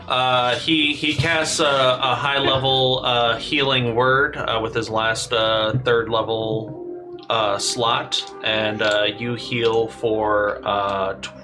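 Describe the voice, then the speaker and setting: A man running a tabletop game as game master, halting and full of fillers, with music behind. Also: medium pitch, steady tone.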